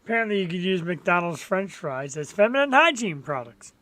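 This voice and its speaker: A woman's voice: fairly low pitch, big pitch swings, brisk, fairly bright tone. A woman hosting a live stream, talking loosely and laughing often. She trails off and restarts mid-thought. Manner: giggly, crude banter, trails off. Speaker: host. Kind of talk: casual live-stream chat.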